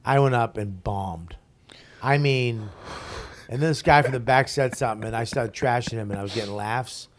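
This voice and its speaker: A man in his forties spinning a story as a comedian guest, swearing freely and chuckling as he talks. His voice sits at an ordinary middle pitch and he talks in loose, restarting bursts. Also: moderate pace. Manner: profane, animated, laughs through stories. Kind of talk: casual storytelling.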